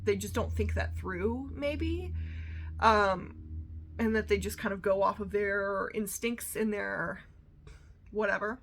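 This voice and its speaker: Fueled by coffee, a woman hosts her own podcast in a casual solo chat, rambling and sassy with lots of fillers. Her voice is mid-range and slow.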